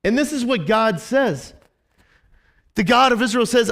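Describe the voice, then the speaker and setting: A man's voice: very high voice, lively intonation, a little slow, long pauses, fairly bright tone. A male pastor giving a casual, conversational sermon, chatty and full of fillers and restarts.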